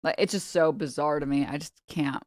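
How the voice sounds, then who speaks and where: A woman's voice: steady tone, a little fast, darkish tone, no room sound. Female streamer, sarcastic and profane, dry close sound. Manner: sarcastic, mocking, breaks into high laughter. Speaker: live streamer. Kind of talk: casual stream rant.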